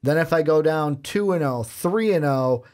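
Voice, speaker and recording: A young man with a Chicago accent, co-hosting a sports podcast in casual, animated chat. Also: a little high. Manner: animated, quick asides and laughs. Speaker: podcast co-host.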